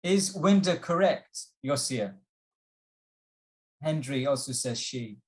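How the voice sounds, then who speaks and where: A man's voice: medium pitch, expressive, slow pace, echoey room. A man teaching an online workshop, encouraging, repeating his instructions with frequent ums.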